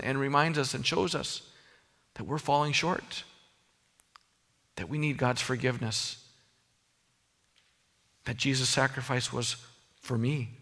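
A man's voice: on the high side, sharp tone, big-room sound. A man preaching a sermon as pastor, earnest and emphatic, often restarting his phrases.

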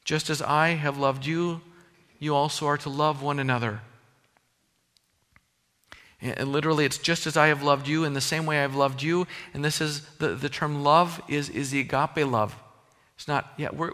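A man delivers a sermon from the pulpit, earnest and emphatic, circling back and restarting phrases as he presses his point. His voice is bright and forceful, set a little high for a man. It rings out with the long reverb of a large hall. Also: steady tone, moderate pace. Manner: earnest preaching, rising emphasis with frequent restarts. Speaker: pastor.

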